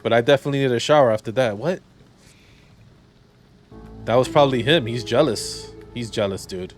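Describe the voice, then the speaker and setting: A man's voice: mid-range voice, fairly quick, faint music behind. A man doing casual, crude, joking commentary while playing a video game. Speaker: gameplay streamer.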